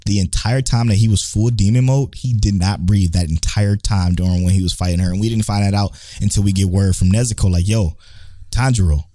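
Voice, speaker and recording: A man co-hosting a podcast in a casual anime chat, excitable and profane, acting out characters' lines. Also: on the low side, fairly quick, few pauses, no room sound. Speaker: podcast co-host.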